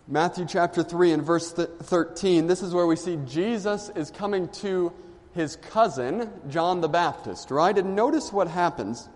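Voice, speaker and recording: A man preaching a sermon to a congregation, reading scripture aloud and pausing for the listeners to fill in the missing words. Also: high voice, a little mellow, in a large hall. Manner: asks the congregation questions and lets them fill in words.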